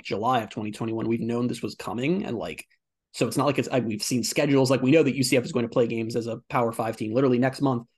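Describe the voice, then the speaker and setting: A man's voice: mid-range voice, husky. A young man co-hosting a sports podcast, chatting casually with lots of fillers. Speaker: podcast co-host.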